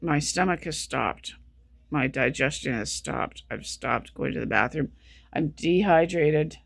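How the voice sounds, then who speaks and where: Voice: medium pitch, animated, a little slow, gravelly, a bit bright, no echo. A vlogger talking in a casual monologue, exhausted, sleep-deprived and feeling sick, rambling and repeating themselves with many restarts. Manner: rambling, repetitive, restarting sentences.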